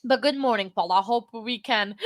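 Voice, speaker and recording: A woman hosting a livestream, talking in a rambling, halting way while she has the hiccups. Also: on the high side, no echo. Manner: rambling, self-interrupting, halting. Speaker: livestream host. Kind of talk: casual livestream chat. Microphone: desk microphone.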